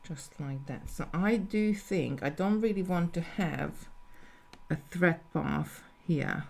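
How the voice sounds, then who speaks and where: A woman's voice: fairly low pitch, takes it slowly, creaky. A woman talking through a live beading tutorial step by step, thinking aloud as she works. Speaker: jewellery designer teaching beading.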